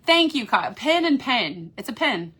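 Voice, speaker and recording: A bright-voiced woman with a Kentucky accent hosts a casual live stream from her cruise ship cabin. She talks in an upbeat, chatty way, reacting to viewer comments. The sound is from a phone in a small cabin. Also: sits high, big pitch swings, moderate pace, husky. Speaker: cruise vlogger host.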